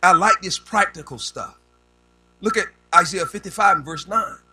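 A man's voice: high-pitched, moderate pace, sharp tone, husky, poor audio. An older man preaching a sermon in a folksy, down-home way, often repeating words as he builds a point. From rural United States.

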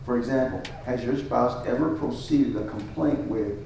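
A man's voice: medium pitch, moderate pace, creaky, hardly any pauses, darkish tone, a little hiss or hum. A man preaching as a pastor, teaching on marriage and acting out both sides of an argument with repeated phrases. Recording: echoey hall, mic at a distance.

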